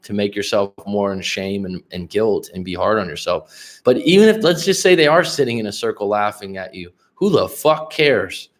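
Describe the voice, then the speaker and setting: A man coaching viewers on a livestream in a blunt, profane, animated way, answering their comments. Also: mid-range voice. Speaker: relationship coach.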